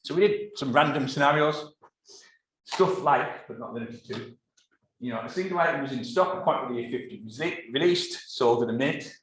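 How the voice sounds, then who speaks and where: A man's voice: medium pitch, moderate pace, fairly bright tone, a little hiss or hum. A man telling a work story to a live audience in a rambling way, full of fillers and restarts. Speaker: conference speaker. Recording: very echoey room.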